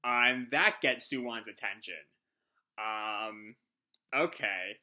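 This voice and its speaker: A man's voice: on the low side, slow pace, bright, forceful tone. A man hosting a live manga reading reaction, talking casually and hesitantly as he thinks aloud.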